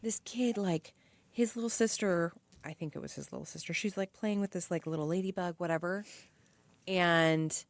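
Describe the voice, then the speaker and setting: A woman's voice: lowish voice, moderate pace, no echo. A woman co-hosting a casual true-crime podcast, giving emphatic opinions and personal stories. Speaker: podcast co-host.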